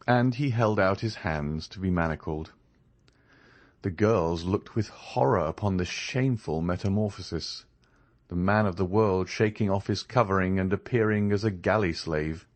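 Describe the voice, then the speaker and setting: A man narrating a classic novel as an audiobook, in an expressive, measured storytelling manner. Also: sits low. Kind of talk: scripted narration.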